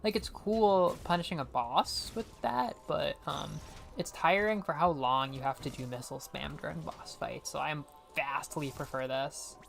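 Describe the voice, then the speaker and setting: Low-voiced woman streamer, rambling chat. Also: gravelly, faint music behind. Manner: rambling, filler-heavy, quick to laugh and apologize. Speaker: game streamer. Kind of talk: casual live-stream commentary.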